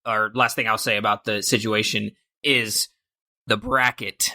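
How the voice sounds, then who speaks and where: A man's voice: on the low side, little pitch movement, measured pace, sharp tone. A young man co-hosting a casual sports podcast, upbeat and easygoing. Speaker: podcast co-host.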